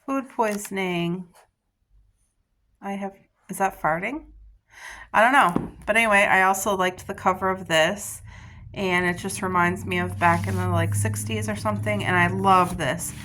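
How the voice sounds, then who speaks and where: A woman's voice: mid-range voice, fairly even intonation, normal speed, a bit bright, a little hiss or hum. Chatty, gushing woman vlogger. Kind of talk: casual chat to camera. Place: garden outdoors.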